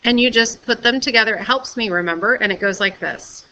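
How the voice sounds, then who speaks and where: A woman teacher giving a recorded video lesson, explaining patiently and clearly and often checking with "okay?". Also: on the high side, a little fast, bright, forceful tone, slight background noise, rough recording.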